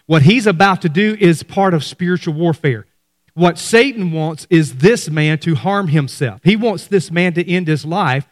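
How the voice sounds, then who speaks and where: Man, middle-aged, pastor, animated sermon delivery. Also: a little high, no echo, clean studio sound. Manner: animated preaching, addresses congregation as y'all.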